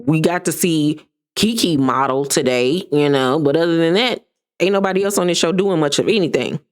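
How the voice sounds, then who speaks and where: Sassy low-voiced woman recapping gossip. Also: moderate pace. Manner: sassy, gossipy, animated impressions of cast members. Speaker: reality TV recap host. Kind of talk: casual recap commentary.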